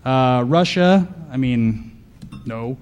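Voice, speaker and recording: A man giving a comedic conference talk, deadpan and sarcastic, bantering with the audience from the stage. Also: medium pitch, drawn-out words, background noise. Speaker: conference speaker.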